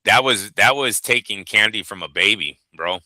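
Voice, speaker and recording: Bright-voiced chatty man, dry sound. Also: on the low side, animated, moderate pace, no echo. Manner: chatty, says "dude" and "bro" a lot. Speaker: boxing show co-host. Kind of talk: casual podcast chat.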